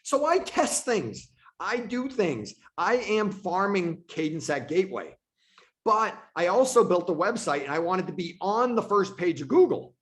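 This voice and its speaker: A man's voice: high voice, sing-song, a little slow, fairly bright tone. Man teaching real estate on a call. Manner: casual, repeats himself for emphasis. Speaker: real estate team leader. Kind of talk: online training presentation. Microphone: video call.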